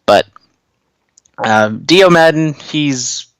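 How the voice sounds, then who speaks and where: A man's voice: on the high side, lively intonation, extremely slow, smooth, no room sound, poor audio. A man co-hosting a casual wrestling podcast, talking loosely with lots of fillers and going off on tangents. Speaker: podcast co-host.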